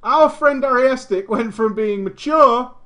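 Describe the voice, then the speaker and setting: A man's voice: extremely high pitch, measured pace, pushed and bright. A man streaming, reading a viewer's story aloud with crude, swearing, jokey asides.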